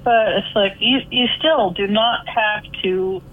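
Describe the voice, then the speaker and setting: A woman's voice: mid-range voice, slow. Chatty woman caller on a tinny phone line. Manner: chatty, rambling, with many fillers. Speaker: caller to a radio show. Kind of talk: casual phone chat.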